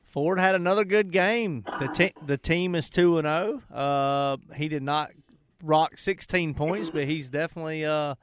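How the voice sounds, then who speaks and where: A man's voice: a little high, measured pace, smooth. A man co-hosting a casual radio talk show, joking and easygoing with plenty of "uh" fillers. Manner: joking, laid-back, trails off with "uh". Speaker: co-host. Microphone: studio mic. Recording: dry studio sound.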